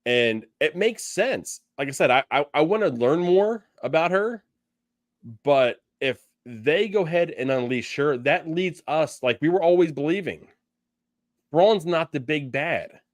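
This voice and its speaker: A man's voice: on the high side, expressive, unhurried, no echo, studio quality. A man co-hosting a podcast, chatting casually and rambling with lots of restarts. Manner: rambling, many restarts and fillers. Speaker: podcast co-host. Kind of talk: casual fan discussion.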